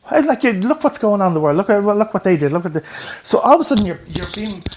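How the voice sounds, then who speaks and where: Animated man telling his story. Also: sits high, fast talker, a little hiss or hum. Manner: animated, swears freely, acts out voices in anecdotes. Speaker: guest. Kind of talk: candid personal storytelling.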